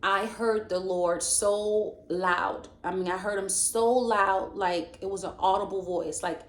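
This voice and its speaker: A woman tells her faith testimony in an earnest, intense way, often stopping to hunt for the right words. Her pitch sits mid-range for a woman. The voice rings in a roomy, echoey space. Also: steady tone, a little slow. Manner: preacherly urging in the closing. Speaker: vlogger sharing a faith testimony. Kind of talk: emotional personal testimony storytelling.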